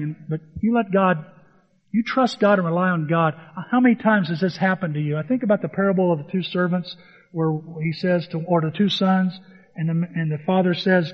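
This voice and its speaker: Male pastor, high voice, animated storyteller, sermon in a hall with a long echo, dull sound. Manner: animated storytelling, acts out dialogue.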